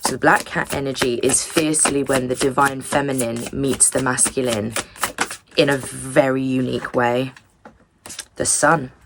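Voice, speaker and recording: A woman's voice: rumbling low, steady tone, normal speed, background noise. A young woman giving a rambling, earnest tarot reading in a loose, chatty way. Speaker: tarot reader. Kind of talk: casual spiritual tarot reading.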